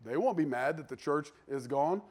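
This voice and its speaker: A man preaching a sermon with a voice that sits a little high for a man. He talks in a loose, conversational way, dropping in joking asides. His pitch and volume leap up suddenly when he makes a point. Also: normal speed. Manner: animated, with sudden jumps in pitch and loudness.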